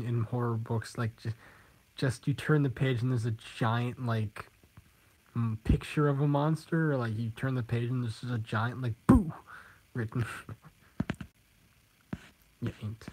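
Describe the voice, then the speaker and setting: A man's voice: medium pitch, moderate pace, a little mellow, a little hiss or hum, rough recording. A teenage boy streaming live, chatting casually with viewers and rambling with frequent giggles. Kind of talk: casual live-stream chat reading comments.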